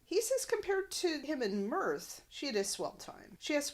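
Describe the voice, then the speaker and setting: A woman recapping a sitcom episode for her podcast with lively, expressive pitch. She narrates the plot casually and breaks off into wry asides. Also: moderate pace. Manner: animated, wry commentary. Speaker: podcast host.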